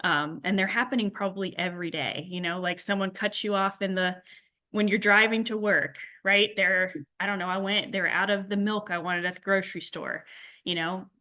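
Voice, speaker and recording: Bright-voiced woman talking to parents. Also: medium pitch, steady tone, normal speed. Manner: conversational, many fillers and restarts. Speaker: school staff member. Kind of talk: parent workshop talk.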